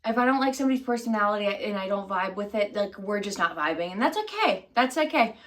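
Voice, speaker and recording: A woman vlogger talking straight to camera in a loose, rambling way, full of asides and restarts. Her voice sits at a middle pitch, and she keeps laughing off her own confusion. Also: lively intonation, fast talker. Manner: scattered and self-deprecating, many fillers and restarts. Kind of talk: rambling casual chat to camera.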